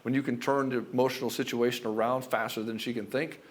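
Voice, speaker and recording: A middle-aged man giving relationship advice as a coach, talking forcefully and emphatically and swearing freely. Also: mid-range voice, steady tone, quick pace. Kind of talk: direct-to-camera advice monologue.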